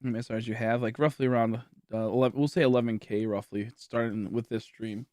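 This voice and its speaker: This game streamer is a tired young man chatting with viewers from indoors at home. His mid-range voice is fast, a little mellow and fairly even in intonation, and he rambles with many fillers while thinking aloud. The recording is dry and studio quality.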